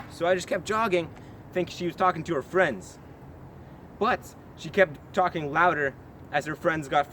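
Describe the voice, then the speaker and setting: A young man from the US rambles through a comic story in a goofy, mock-serious way, his voice sitting a little high. He records himself outdoors on a handheld camera, with faint outdoor noise around him. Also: fairly bright tone. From United States. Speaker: vlogger. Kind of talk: comedic storytelling vlog. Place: outdoors on a trail in woods.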